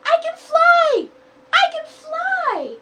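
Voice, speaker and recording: A woman voicing a frightened young female hawk chick in a storybook reading, with shrill, panicky cries. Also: very animated, extremely slow, pushed and bright, distant mic, slight background noise, full character voice. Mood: thrilled.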